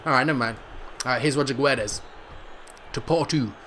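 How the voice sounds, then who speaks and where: A man hosting a football video game playthrough, joking around and commentating excitedly, bursting into shouts at goals. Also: mid-range voice, normal speed, background noise. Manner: jokey, excitable, yells at goals. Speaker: gaming channel host.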